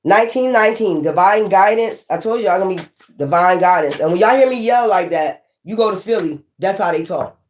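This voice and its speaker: A woman giving a casual tarot reading to viewers, emphatic and rambling, swearing freely, swinging from near-shouts to low muttering. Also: a little fast, few pauses. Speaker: tarot reader.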